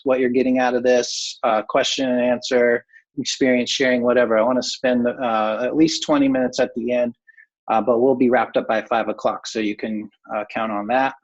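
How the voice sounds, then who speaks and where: A man coaching an online workshop in a casual, upbeat way, with many filler words, over a video call. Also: mid-range voice. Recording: muffled lo-fi video call audio.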